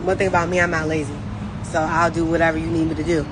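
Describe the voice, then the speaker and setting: A woman's voice: low-pitched, flat delivery, quick pace, noisy background. A woman leading a network marketing team, giving a rambling, emphatic, faith-driven pep talk on a phone livestream.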